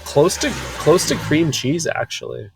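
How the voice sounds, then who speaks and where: Wry, deadpan young man co-hosting. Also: fairly high pitch, a little slow, creaky, noisy background. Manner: wry, deadpan storytelling with frequent laughs. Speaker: podcast co-host. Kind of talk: casual comedic chat.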